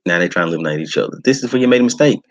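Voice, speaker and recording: A man hosting a podcast, giving casual, slangy commentary on wrestling as he watches. His talk jumps to high excited shouts. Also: very fast, highs cut off. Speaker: podcast host.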